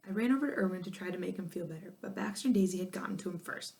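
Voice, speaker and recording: A woman narrating a children's chapter book in an expressive, lively way. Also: lowish voice, very fast, vocal fry, few pauses. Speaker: audiobook narrator. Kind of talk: children's storybook reading.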